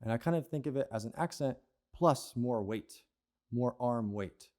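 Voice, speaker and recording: A young man with a mellow, relaxed tone gives a patient, step-by-step percussion lesson. He often checks in with the listener with a quick "okay?" or "right?". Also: medium pitch. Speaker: percussion teacher. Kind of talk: instructional lesson.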